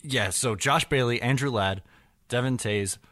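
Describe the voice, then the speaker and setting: A man's voice: mid-range voice, unhurried, fairly bright tone, no echo. A man co-hosting a casual sports podcast, joking with wry asides. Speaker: podcast co-host.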